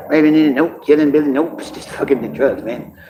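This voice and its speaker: A man's voice: medium pitch, normal speed, background noise. A man talking in a rambling, profane monologue, laughing often and restarting his sentences.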